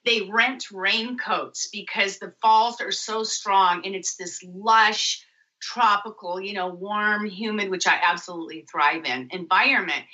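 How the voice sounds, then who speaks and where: A woman guest on a radio talk show, telling a lively personal story and acting out the dialogue in it. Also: medium pitch. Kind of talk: storytelling interview. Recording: muffled lo-fi radio audio.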